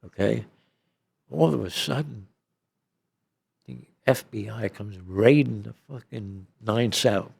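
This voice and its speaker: Gravelly low-voiced older man. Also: takes it slowly, pauses often, darkish tone. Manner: rambling, peppers talk with "okay?" and "you know". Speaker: interview guest. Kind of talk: storytelling.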